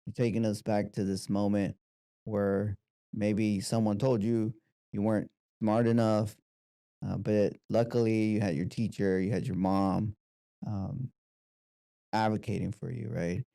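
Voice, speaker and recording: A low-pitched male host with a gravelly, dark voice. He recaps his guest's story and guides him with encouraging questions, heard in a dry, close recording with no room sound. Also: little pitch movement, measured pace, dry recording. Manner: warm, encouraging, summarizing questions. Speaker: podcast host. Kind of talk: interview.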